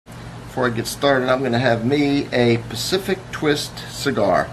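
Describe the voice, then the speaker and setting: A police officer talking casually to the camera in a boastful, contemptuous way. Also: male voice, medium pitch, measured pace. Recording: noisy recording.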